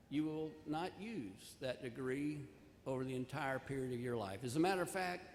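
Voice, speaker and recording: A man's voice: medium pitch, a little mellow, slight background noise. An older man giving a commencement speech, telling a folksy personal story and offering earnest advice. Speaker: commencement speaker. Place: large ceremony hall. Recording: echoey hall, long reverb, faint ambience.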